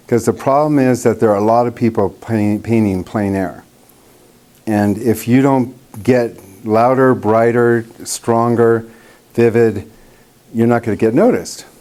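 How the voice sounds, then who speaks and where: A man's voice: fairly low pitch, fairly even intonation, unhurried, dark tone. A man teaching a group of painters in a casual workshop, a chatty storyteller who acts out the voices of people he quotes. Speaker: painting instructor.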